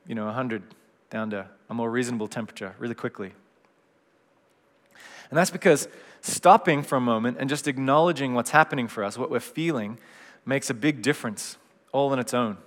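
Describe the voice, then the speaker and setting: Man preaching in an echoey hall. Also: mid-range voice. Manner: gentle, reflective, conversational. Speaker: pastor. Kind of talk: sermon. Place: church hall. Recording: long hall reverb.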